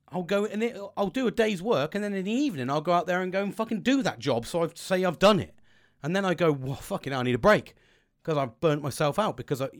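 A man hosting a podcast, giving a casual, sweary motivational talk into a home mic setup. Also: on the high side. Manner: heavy swearing, animated, acts out quoted people. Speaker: podcast host.

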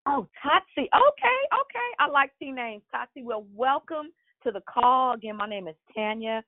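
Hosting a prayer call line for a church, this woman speaks warmly and encouragingly with a sermon-like cadence. The phone line is tinny, with no room sound, and her voice is on the high side at normal speed.

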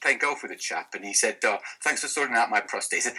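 Male podcast host, bright, husky tone, relaxed anecdotal talker. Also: mid-range voice, quick pace, poor audio. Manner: relaxed anecdotal storytelling, chuckling at his own stories. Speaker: podcast host and health practitioner. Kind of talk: conversational interview.

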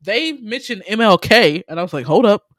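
A man casually recapping a TV series on a podcast, telling the story in lively bursts, acting out the characters' lines and swearing freely, with lots of "you know". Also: sits high, moderate pace, no echo, studio quality. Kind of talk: casual chat.

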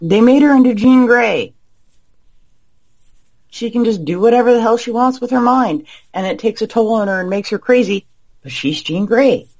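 A man's voice: very high-pitched, expressive, creaky, darkish tone. A man co-hosting a podcast, giving blunt, opinionated takes on a movie. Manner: opinionated, blunt, quick to judge. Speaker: podcast co-host. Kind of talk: casual film discussion.

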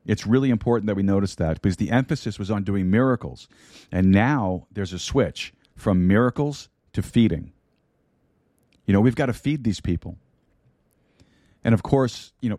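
A man's voice: fairly low pitch, dark tone, dry recording. A man preaching a sermon into a studio microphone, repeating key lines and dropping in light humor. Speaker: pastor. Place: broadcast studio.

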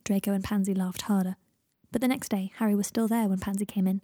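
Woman reading fanfic aloud, calm steady pace, dry close mic. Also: mid-range voice, fast talker, dry recording. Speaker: fan fiction reader. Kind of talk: audiobook narration.

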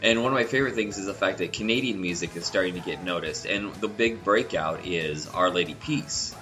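A man with a head cold chatting casually about nineties music, his nasal voice stuffed up and deeper than usual. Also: a little fast, sharp tone. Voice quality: normally nasal voice.

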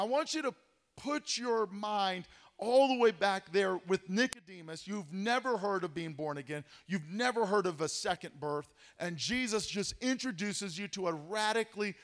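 Male pastor, high-pitched, animated Bible study teacher with rhetorical questions. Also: moderate pace. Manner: animated, asks rhetorical questions, dramatic drops to a hush.

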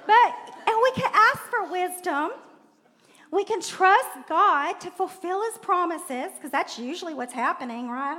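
Woman, high voice, chatty sermon, church sanctuary, long reverb. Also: a little slow, sharp tone. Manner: conversational, laughing asides, audience prompts. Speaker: pastor's wife preaching.

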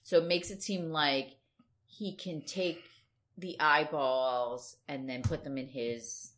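A woman's voice: low voice, fairly even intonation, slow pace, fairly bright tone, a little hiss or hum. A woman co-hosting a casual podcast chat about comics, thoughtful and rambling with hedging fillers. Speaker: podcast co-host. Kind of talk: casual comic book discussion.

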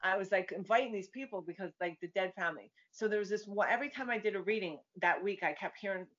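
In a casual interview, a female psychic medium tells her stories chattily and performs the quoted voices. She talks fast at a medium pitch with a slightly bright tone. The recording sounds dull and lo-fi.

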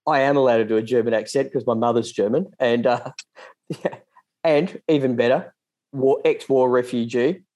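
A man's voice: mid-range voice, fairly even intonation, moderate pace, a little mellow. A man co-hosting a podcast, joking and teasing his guest in casual chat. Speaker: podcast co-host.

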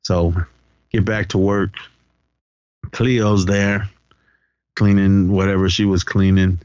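A man's voice: low-pitched, level tone, slow pace, a little mellow, clear, resonant tone, no echo, lo-fi sound. A man co-hosting a podcast, recapping a film in casual chat and acting out lines in a raised voice. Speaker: podcast co-host.

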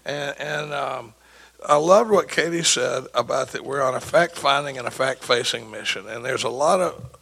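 A man's voice: mid-range voice, normal speed, vocal fry, pushed and bright, breathy edge, poor audio. A man speaking as a recovery sponsor, telling rambling stories with quoted dialogue and many false starts. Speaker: recovery sponsor sharing at a meeting. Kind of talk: rambling anecdotal talk.

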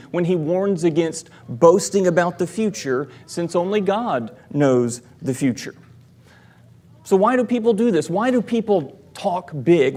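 A man, a church elder, preaching a sermon in a measured, deliberate way, giving quoted lines with emphasis. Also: on the high side, a little mellow. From American South.

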